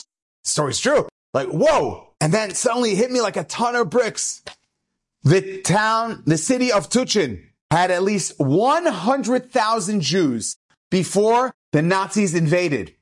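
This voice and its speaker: A man telling a family story in an inspirational talk, animated and emphatic. He leans hard on key phrases and slips into the voices of the people he describes. His voice sits a little high for a man. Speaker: inspirational speaker.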